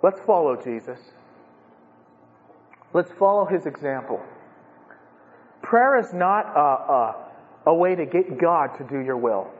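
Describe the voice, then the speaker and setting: A man with a high voice preaches with rising passion, driving his points to emphatic peaks. The sound is dull and lo-fi, and a long reverb hangs after his words. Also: animated, slow, pauses often. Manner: impassioned, building to emphatic peaks. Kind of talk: expository sermon.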